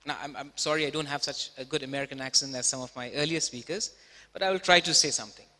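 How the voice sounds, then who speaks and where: A man's voice: a little high, fairly even intonation, quick pace, bright, forceful tone. A man giving an emphatic talk on stage, firing rhetorical questions at the audience. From India. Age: 30s. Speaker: speaker. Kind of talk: TEDx talk. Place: auditorium stage. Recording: reverberant auditorium.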